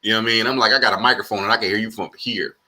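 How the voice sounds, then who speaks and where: A man hosting a casual chat with fellow comedians over a video call, lively and restarting his words as he talks. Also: on the low side, racing. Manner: lively, repeats words when starting. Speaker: host comedian.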